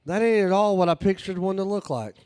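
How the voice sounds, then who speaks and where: A man voicing a dim, eager male tourist who shouts his questions in dead earnest. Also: high voice, fairly quick, clear, resonant tone, no room sound, studio quality, pitched above the performer's own voice, close to an everyday voice. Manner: excited, shouting, dead serious. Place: live venue stage.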